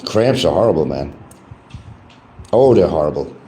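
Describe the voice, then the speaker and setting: A low, warm male voice with big pitch swings carries an older man's casual livestream monologue at normal speed. He restarts often, trails off into asides, and keeps repeating a catchphrase in a mocking sing-song lift. Sound quality is poor, and there's slight background noise.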